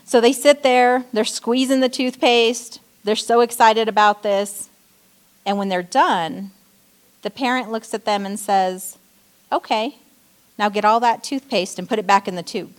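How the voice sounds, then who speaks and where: Female church speaker, short sermon, story-driven and animated in quoted lines. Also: fairly high pitch, measured pace. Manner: storytelling, acting out quoted outbursts. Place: church stage.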